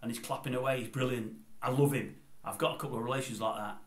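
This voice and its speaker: Older bloke, mid-pitched, digressive vlogger rant, recorded in an echoey room. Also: male voice, steady tone, fast. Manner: rambling, digressive, opinionated. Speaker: YouTube commentator. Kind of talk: casual opinion vlog.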